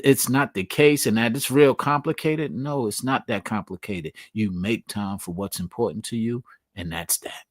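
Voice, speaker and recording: A man's voice: mid-range voice, dry recording, clean studio sound. A man hosting his own show, talking casually and earnestly to viewers and repeating his points for emphasis. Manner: casual, slangy. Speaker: host. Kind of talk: motivational talk to viewers.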